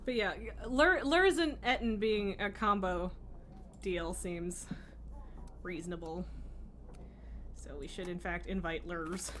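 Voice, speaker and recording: Woman, live streamer, slow unhurried talk, doting baby talk to a pet. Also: fairly low pitch, a bit bright, slight background noise. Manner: baby-talking and laughing to a pet. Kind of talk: casual live-stream chat.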